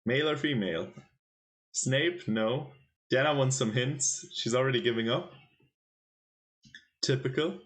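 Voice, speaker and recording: Unhurried and pausing often, a man with a medium-pitched voice covers a chess tournament on his live stream. He keeps things playful, teasing the chat and quizzing his viewers.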